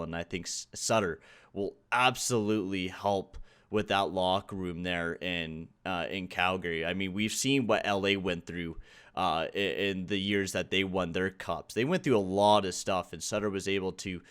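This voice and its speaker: A man's voice: low voice, fairly bright tone, clean tone. A man co-hosting a casual podcast, thinking aloud with lots of fillers. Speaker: podcast co-host. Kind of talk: casual chat.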